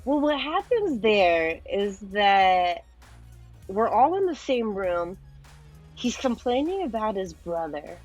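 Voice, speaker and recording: A young woman in her twenties, a podcast guest telling a story in a casual, animated way with frequent laughs. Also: medium pitch, takes it slowly, faint music behind, rough recording. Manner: animated, laughing often, swearing.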